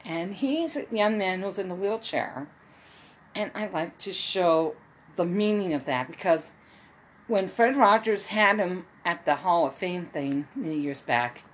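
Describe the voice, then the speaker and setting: A woman's voice: on the low side, slightly rough. A woman casually talking over a played video clip, rambling and repeating its lines as she speaks about doing voices. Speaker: amateur voice impressionist.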